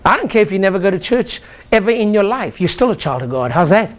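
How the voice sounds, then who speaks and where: A man's voice: high-pitched, sing-song, quick pace. An older man, a chiropractor, giving an exclamatory motivational seminar talk and leading the audience in call-and-response chants. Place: lecture room with a live audience.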